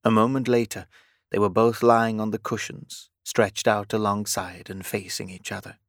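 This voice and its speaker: Gravelly low-voiced male narrator. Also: flat delivery, normal speed, dry recording, studio quality. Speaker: audiobook narrator. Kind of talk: scripted romance narration.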